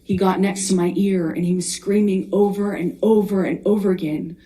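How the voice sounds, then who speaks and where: A woman in her thirties giving sworn testimony as a witness in a courtroom, speaking haltingly with frequent restarts. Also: medium pitch, steady tone, dark tone. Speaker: trial witness.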